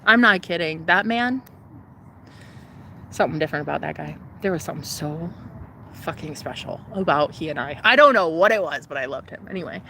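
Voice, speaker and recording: A young woman vlogger telling a personal story in an animated, profane, casual way, jumping between voices. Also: sits low, brisk, creaky, slight background noise.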